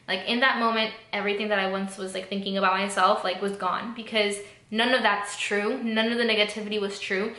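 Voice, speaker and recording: Young woman vlogger, heartfelt and rambling, crisp bright voice, roomy echo. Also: mid-range voice, little pitch movement, fairly quick. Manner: earnest, emotional, many fillers like "like" and "just". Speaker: YouTube vlogger. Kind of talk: casual talk to camera. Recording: echoey room, faint background noise.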